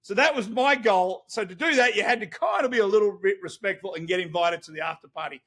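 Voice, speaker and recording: An Australian man tells stories with lots of energy and frequent laughs in a relaxed podcast conversation. His voice sits high and sounds bright. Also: fast talker. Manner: animated storytelling, laughs often. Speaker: guest, celebrity interviewer. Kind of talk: casual podcast chat.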